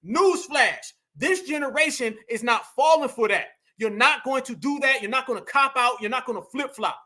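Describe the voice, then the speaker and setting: A commentary host with an extremely high, sharp voice speaks at a normal pace. His monologue is heated and emphatic, full of repeated lines, and he keeps calling his audience family.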